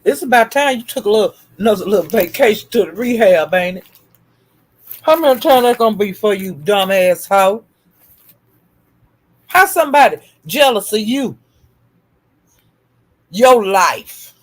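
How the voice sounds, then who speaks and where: Woman, live stream host, trash talk, profane, taunting, mid-pitched voice. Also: lively intonation, a little slow, long pauses. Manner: profane, taunting, repetitive insults; calls out to chat viewers by name. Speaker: livestream host.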